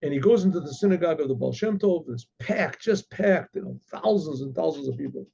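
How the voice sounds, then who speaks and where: Rabbi storyteller, high husky voice, dull lo-fi recording. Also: male voice. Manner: animated, halting with restarts. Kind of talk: oral storytelling.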